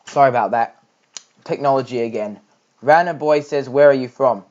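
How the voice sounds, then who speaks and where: A man's voice: medium pitch, moderate pace, darkish tone, lo-fi sound. Chatty young Australian man commentating cricket. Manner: chatty, rambling, many fillers and restarts. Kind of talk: homemade live cricket commentary.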